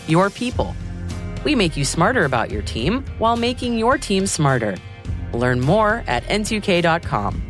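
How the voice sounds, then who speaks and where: Upbeat American woman hosting a podcast. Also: deep voice. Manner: upbeat, playful asides. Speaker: podcast host. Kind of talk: scripted news reading.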